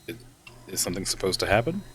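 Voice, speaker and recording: A man's voice: low voice, sing-song, fast, fairly bright tone, slight background noise. A man streaming a video game, chatting casually and reacting to viewers' comments.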